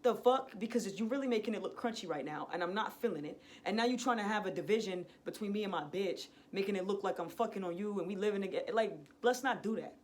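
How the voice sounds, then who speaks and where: A young adult woman vlogger in a casual storytime, retelling events in a profane, slangy, animated way. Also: mid-range voice, fast talker, few pauses, a little hiss or hum.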